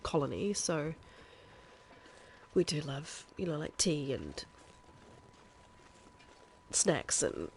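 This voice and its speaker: A young woman from New Zealand with a softened New Zealand accent, chatting casually and rambling with many fillers as she streams a game. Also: low-pitched, sing-song, takes it slowly, vocal fry, pauses often, slight background noise. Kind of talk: casual live game commentary.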